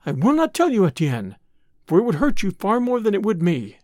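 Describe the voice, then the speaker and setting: A woman's voice: mid-range voice, wildly swooping pitch, brisk, a little mellow, no echo, studio quality, pitched above the performer's own voice. A man voicing a devoted young Venetian noblewoman in an audiobook, speaking in a tender, urgent, pleading way. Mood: tenderly resolute. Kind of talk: audiobook character reading.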